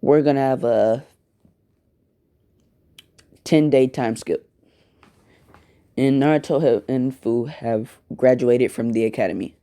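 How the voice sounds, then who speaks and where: A man telling a fan-made story in a casual, rambling way, swearing and correcting himself. His voice is dark and mellow, and he talks slowly. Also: mid-range voice. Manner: crude, rambling, self-correcting.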